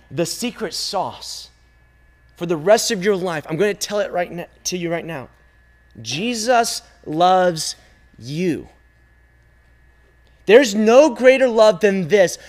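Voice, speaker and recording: A man preaching a sermon to a youth group, emphatic and repetitive, with dramatic pauses. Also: high voice. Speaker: youth pastor.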